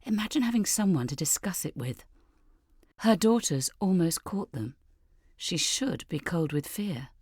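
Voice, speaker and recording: A woman narrating an audiobook in a measured, deliberate way. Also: lowish voice, expressive, a little mellow, breathy edge, no room sound, studio quality. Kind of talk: scripted narration.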